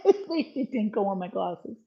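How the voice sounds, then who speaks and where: A woman's voice: medium pitch, lively intonation, normal speed, vocal fry, highs cut off. An older woman hosting a live cooking stream from her home kitchen, chatting casually to viewers with lots of ums as she cooks. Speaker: livestream cooking host.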